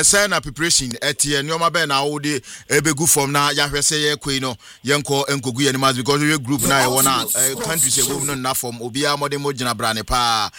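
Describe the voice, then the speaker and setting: A man's voice: medium pitch, bright, forceful tone. A man with a Ghanaian accent, a sports radio interviewer asking long probing questions, mixing Twi and English.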